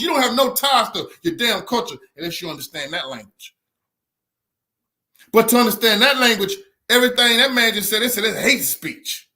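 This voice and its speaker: A man giving fiery, preachy commentary on a speech, repeating himself and shouting at times. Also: high-pitched, animated, moderate pace.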